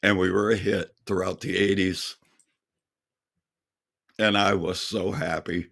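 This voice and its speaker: An older man who is a singer and speaker gives a heartfelt personal testimony, telling it slowly and earnestly with quoted dialogue. His deep voice stays level, with vocal fry and a slightly bright quality.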